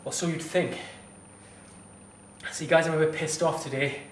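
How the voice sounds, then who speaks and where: A man's voice: on the high side, steady tone, normal speed, echoey room, distant mic, slight background noise. A fitness instructor talking straight to camera, heated and blunt, swearing as he gives advice. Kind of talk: direct-to-camera advice vlog.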